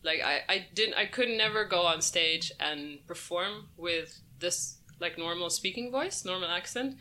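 Woman comic from the Netherlands, bright voice, laughs a lot, self-deprecating chat. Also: fairly low pitch, a little slow, a little hiss or hum. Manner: animated, laughs often, self-mocking. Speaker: stand-up comedian. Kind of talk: casual interview chat.

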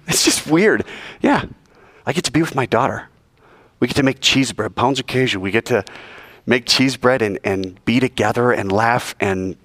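A man's voice: mid-range voice, expressive, normal speed, fairly bright tone. A man giving a joking sermon to students and acting out quoted voices as he goes. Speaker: youth speaker.

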